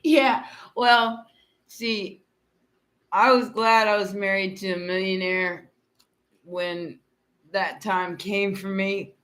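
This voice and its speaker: A woman's voice: mid-range voice, steady tone, slow pace, pauses often, fairly bright tone. A middle-aged woman hosting a livestream, chatting casually with viewers, telling bawdy stories and laughing often. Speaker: livestream host.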